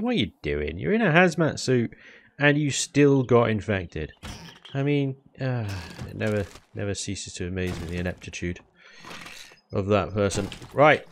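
A man's voice: on the low side, a bit bright, slight background noise. A man giving casual let's-play commentary, chatting along, exclaiming at finds and taunting enemies. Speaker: gaming YouTuber.

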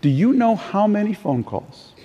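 An older man delivers a conference keynote, telling anecdotes as stories and now and then restarting a sentence. His voice is high-pitched and warm, swinging widely in pitch at a normal speed. The lo-fi recording sounds distant and echoey, as in a large conference hall.

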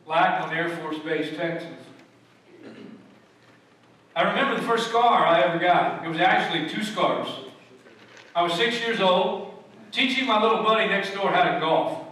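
A male pastor preaching a sermon and telling stories, his voice swinging from loud emphasis to hushed tones. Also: sits high, expressive, normal speed, long pauses. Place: church sanctuary. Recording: echoey church hall from far off.

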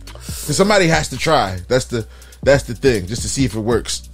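A laid-back man hosting a podcast, throwing in teasing remarks and quick backchat. His pitch moves around a lot, with faint music under the talk. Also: very animated. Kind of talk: casual chat.

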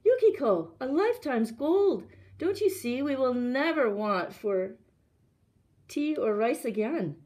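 A woman's voice: mid-range voice, animated, unhurried, darkish tone. A woman reading a storybook aloud, voicing a greedy young husband who calls out and makes demands. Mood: eager. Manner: calling, demanding. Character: poor young fisherman husband, greedy and insistent.

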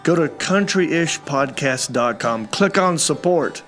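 A man's voice: a little high, expressive, music in the background. Playful male comedy podcast host. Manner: playful, mock-indignant, drawn-out sign-offs. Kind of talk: casual comedy podcast chat.

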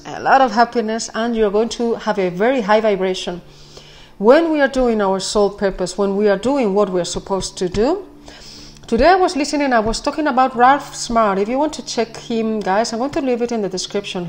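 Excitable woman giving a tarot reading. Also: fairly high pitch. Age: 40s. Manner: excitable, rambling, laughs often, keeps apologizing. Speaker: tarot reader. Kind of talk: casual spoken tarot reading.

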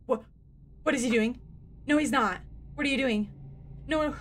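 A woman streaming a video game, giving excitable casual commentary with lots of laughing, yelps and swearing. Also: sits high, normal speed. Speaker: gaming streamer.

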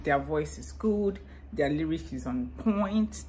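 A woman's voice: low-pitched, animated, slow, dark tone, a little hiss or hum. A young woman vlogging a music reaction in a casual, emotional, gushing way, full of "you know" and "like".

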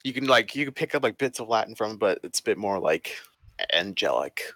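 A man's voice: on the low side, lively intonation, a little fast, bright, forceful tone, no room sound, clean studio sound. A man at a tabletop game chatting casually, groping for words with many fillers. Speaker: player.

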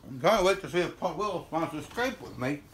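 Man, family vlog banter, teasing and grumbling, lively up-and-down voice, faint background hiss. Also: on the high side, quick pace. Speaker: vlogger. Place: at home and outdoors on the street.

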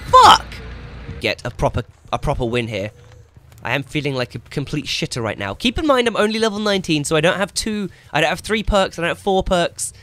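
A young man commentating his own gameplay as he plays, excitable and swearing loudly whenever things go wrong. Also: a little high, fairly quick, slight background noise. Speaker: gaming YouTuber.

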